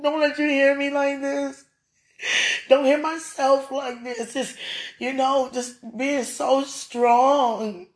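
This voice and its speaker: Her voice is high and her delivery flat as she speaks a heartfelt prayer and personal message through tears, pausing between gentle laughs and sighs.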